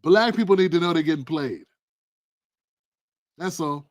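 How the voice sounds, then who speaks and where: A man hosting his own political commentary livestream, talking in an animated, preachy, colloquial way. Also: on the high side, measured pace, no room sound. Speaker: livestream host.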